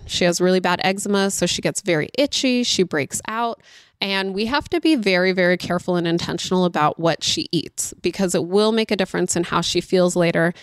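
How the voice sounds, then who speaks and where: Chatty mom telling a parenting story. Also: female voice, fairly low pitch, no echo, clean studio sound. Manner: chatty, animated, talks straight to listeners. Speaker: homeschooling mother. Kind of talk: casual storytelling monologue.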